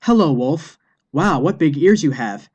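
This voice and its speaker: A man voicing a cheerful young girl in red who greets people brightly and turns shrill when offended. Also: expressive, a little slow, husky, muffled recording. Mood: chirpy.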